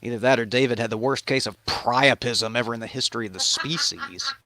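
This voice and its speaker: A man's voice: medium pitch, big pitch swings, fairly quick, bright, forceful tone, slight background noise. A man hosting a comedic, irreverent retelling of scripture, with sardonic and profane narration. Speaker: host.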